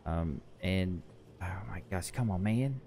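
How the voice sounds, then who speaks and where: A man's voice: low voice, takes it slowly, mellow, a little hiss or hum. A tired man giving rambling, chatty commentary over his own gameplay, often correcting himself as he goes. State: tired, yawning. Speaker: gaming channel host.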